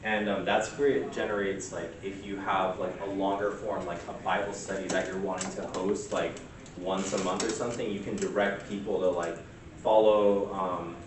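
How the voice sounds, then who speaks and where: A man presenting at a workshop in a relaxed, chatty way, full of fillers. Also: sits low, normal speed, a crowd in the background. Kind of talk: casual workshop talk. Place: church meeting room. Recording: echoey room recorded from far off.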